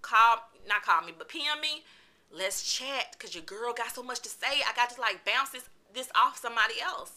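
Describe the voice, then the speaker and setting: Animated chatty woman, bright voice. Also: on the high side, normal speed. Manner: animated, chatty, vents with exclamations. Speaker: book reviewer. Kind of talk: casual vlog book review.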